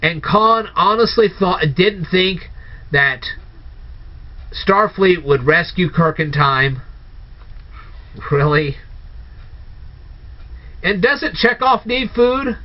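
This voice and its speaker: A man's voice: high-pitched, lively intonation, slow, long pauses. A man giving a casual spoken movie review, firing off incredulous, sarcastic rhetorical questions. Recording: dull lo-fi recording.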